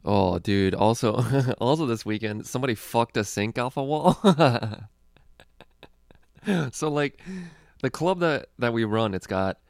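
A man's voice: mid-range voice, measured pace, a little mellow, no room sound, clean studio sound. A young adult man, a comedian hosting a podcast, telling stories in a rambling, profane way and laughing often. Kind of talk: casual podcast chat.

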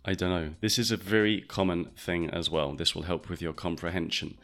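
A man hosting an English-learning podcast, patiently explaining pronunciation step by step and repeating phrases slowly. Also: low voice, a bit bright, soft background music. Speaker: English teacher and podcast host.

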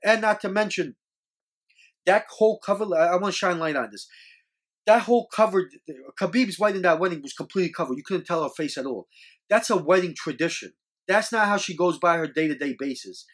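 A man's voice: high voice, brisk, fairly bright tone. A man hosting a show, talking casually and earnestly with many restarts, scolding as he goes. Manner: rambling, repeats words, scolding and earnest. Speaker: podcast host. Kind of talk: casual opinion monologue.

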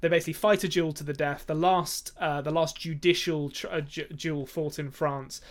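A man with a fairly high voice co-hosts a film podcast and talks in relaxed, casual chat. He fills gaps with ums and sometimes rattles through a thought in a quick burst. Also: a crowd in the background. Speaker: podcast co-host.

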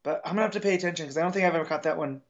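American man, podcast co-host, higher voice, muffled home mic. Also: very fast. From United States. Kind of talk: casual film discussion. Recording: dull lo-fi mic.

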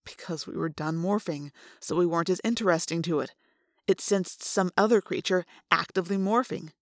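Woman doing a teen boy leader, calm, measured, lower pitch, dry studio-close. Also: no room sound, lightly acted. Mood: grave. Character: steady teenage boy leader, calm and grave. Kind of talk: audiobook character reading.

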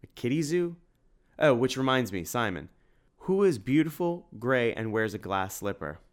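A man's voice: medium pitch, sing-song, normal speed, pitched above the performer's own voice, natural voice. A man voicing a nervous, casual young boy who talks in slang, in a storybook reading. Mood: chatty.

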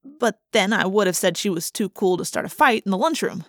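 A woman reading a first-person novel aloud in an expressive, wry, conversational way. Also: medium pitch, fairly quick, few pauses, no room sound, studio quality. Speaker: audiobook reader.

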